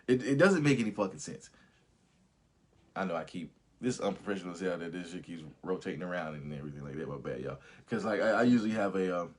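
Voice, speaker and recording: Brief: male live-stream host, lower voice, loose, profane, laughs a lot. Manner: animated, profane, laughs often; reads viewer comments aloud. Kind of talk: casual live commentary with viewers.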